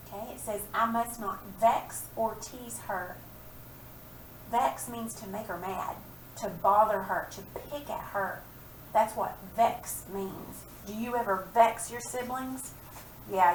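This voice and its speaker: A woman's voice: medium pitch, darkish tone, recorded from a distance, a little hiss or hum. A woman teaching children a reading and phonics lesson, patiently drawing out words and sounds. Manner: slow, patient, stretched-out sounds for young learners. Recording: echoey room, voice from off-mic.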